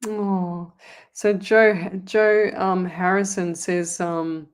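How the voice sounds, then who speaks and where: A woman's voice: fairly low pitch, level tone, extremely slow, clean tone. An Australian woman hosting a live psychic stream, chatting to viewers in a rambling, affectionate way. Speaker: psychic medium host. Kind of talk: casual live-stream chat.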